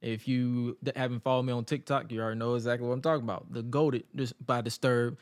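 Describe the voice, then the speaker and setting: A male podcast co-host with a medium-pitched voice and quick pace casually recaps wrestling in an animated, joking way, acting out funny quotes. The sound is studio quality with no room sound.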